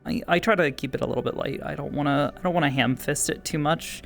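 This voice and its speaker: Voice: medium pitch, fast talker, vocal fry. A roleplay streamer chatting in character with a light put-on Irish accent, musing and rambling, a little self-conscious about the voice. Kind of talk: casual in-character roleplay chat.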